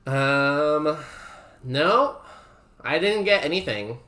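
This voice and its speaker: A man's voice: fairly high pitch, expressive, drawn-out words, sharp tone. A young man streaming a game, chatting casually with his viewers, laughing often and saying "like" a lot. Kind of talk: casual chat while playing a game.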